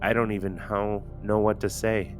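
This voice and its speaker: A dazed young alien woman, read by a man in a low register, her throat dry and scratchy and her words halting. Soft music plays faintly under the reading. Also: flat delivery, natural voice. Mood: groggy.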